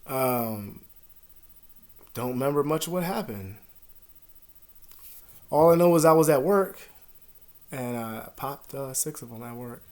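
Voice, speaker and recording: Rambling, profane young man vlogging. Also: mid-range voice. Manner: profane, rambling, drops to a mutter then bursts loud. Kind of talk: casual confessional talk to camera. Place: at home.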